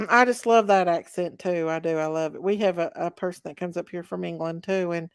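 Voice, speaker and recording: A woman's voice: fairly low pitch, fairly even intonation, a little fast, clear, resonant tone, dry recording, clean studio sound. A woman with a Southern US accent hosting a casual livestream chat and reading out viewer comments. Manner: chatty, drawling, reads viewer comments aloud. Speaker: livestream host.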